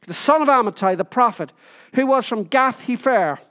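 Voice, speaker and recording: A woman preaching a sermon, emphatic, with short repeated phrases and pauses. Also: lively intonation, fairly bright tone. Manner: jokes about squeaking into a higher voice.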